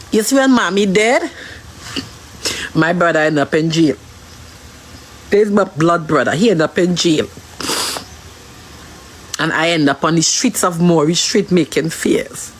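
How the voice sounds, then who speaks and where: A woman's voice: fairly low pitch, unhurried, pauses often, a little hiss or hum, low-quality recording. Impassioned woman pleading. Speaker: stream host. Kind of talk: emotional street interview.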